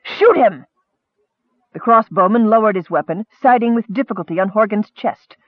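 A man's voice: sits high, fairly quick, no echo. A man narrating an audiobook, with scholarly asides addressed to a superior, heard through a thin, phone-like recording.

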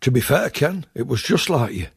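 A man voicing a mild, fretful middle-aged male amateur singer-songwriter in a comic radio act, with a raspy voice. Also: mid-range voice, very animated, moderate pace, full character voice.

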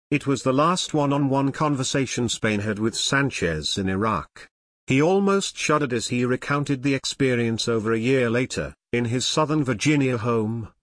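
A man reading nonfiction as an audiobook narrator, in a measured, even manner. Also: medium pitch, dry recording, studio quality.

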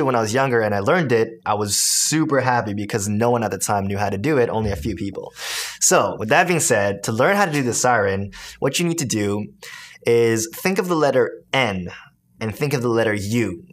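A man's voice: mid-range voice, expressive, a little fast. A man teaching beatboxing step by step in a tutorial. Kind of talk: tutorial instruction.

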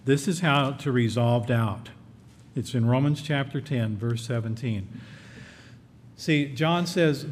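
A man's voice: a little slow, a little mellow. A man preaching a sermon as pastor, earnest and emphatic, repeating his key phrases. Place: church. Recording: echoey hall, faint rumble.

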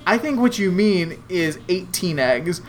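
A woman's voice: lowish voice, animated, unhurried. A woman co-hosting a casual podcast, chatting about a show with lots of fillers. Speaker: podcast co-host. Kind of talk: casual chat recapping a show.

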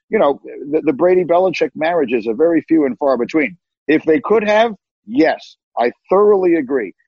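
A man's voice: on the high side, slightly rough, no room sound. A man telling sports stories as a podcast guest, emphatic and given to repeating words as he starts sentences. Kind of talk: animated storytelling. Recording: dull lo-fi, dry.

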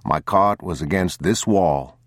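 Man reading a worn-out father, very deep and slow, soothing and hushed. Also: dry recording, studio quality. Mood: wistful. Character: weary, protective father, quiet and grieving. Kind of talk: audiobook character voice.

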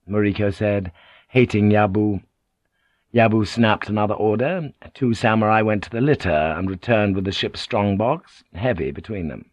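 A man narrating a novel in an even, measured storytelling voice. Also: fairly low pitch, no echo. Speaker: audiobook narrator.

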